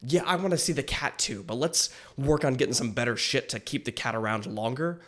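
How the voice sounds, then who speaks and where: A man giving casual reaction commentary on an animated show, rambling, swearing freely and asking many questions. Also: medium pitch, a little fast. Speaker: reaction video host.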